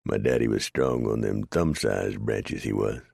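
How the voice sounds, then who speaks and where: A man voicing a blunt, rough frontier mountain man who drawls in backwoods grammar with dry sarcasm. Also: rumbling low, steady tone, a little slow, a little mellow, dry recording, voice pushed down, heavily acted. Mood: gruff.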